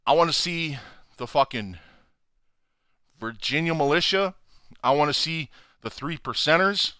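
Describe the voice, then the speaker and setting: A man hosting his own channel, ranting furiously to camera from home with heavy swearing and loud outbursts. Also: on the high side, a little slow, clear, resonant tone, no echo, studio quality. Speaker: channel host. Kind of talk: angry profane rant to camera.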